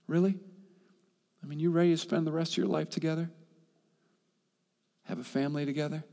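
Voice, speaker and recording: Male pastor, impassioned sermon delivery, fairly high voice, loud peaks and hushed asides, long hall echo. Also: steady tone, moderate pace, pauses often. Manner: impassioned, swings from loud and high to soft, repeats himself.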